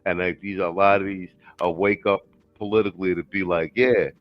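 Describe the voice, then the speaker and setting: Male live panel host, lowish voice, heated profane rants, dull dry lo-fi sound. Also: level tone, a little fast.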